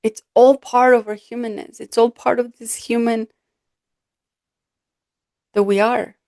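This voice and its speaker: A woman coach hosting her podcast, talking in an earnest, expressive way and acting out quoted remarks. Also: on the high side, a little slow, no echo, studio quality. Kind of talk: reflective solo podcast talk.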